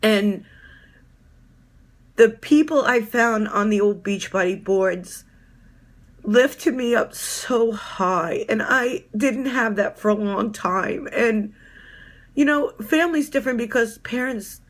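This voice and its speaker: Slow, halting woman in her fifties. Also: on the high side. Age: 50s. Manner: halting, many filler ums, heartfelt. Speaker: fitness coach. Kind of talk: personal testimonial.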